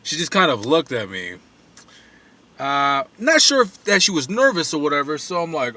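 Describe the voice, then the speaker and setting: A man who lives in a van and travels vlogs alone on a phone camera, telling a loose, rambling story full of fillers and quoted asides. His mid-range voice is sharp, with big pitch swings, normal speed and long pauses. His voice sounds slightly distant from the mic.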